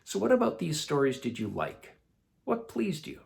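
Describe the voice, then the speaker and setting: A man leading children's church, telling a Bible story in a playful, animated way. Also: fairly high pitch, moderate pace, vocal fry. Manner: animated, playful, laughs often.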